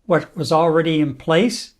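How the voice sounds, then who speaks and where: A man's voice: a little high, normal speed, a little mellow. A man hosting a talk show, chatting wryly and reading out listener comments. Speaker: host.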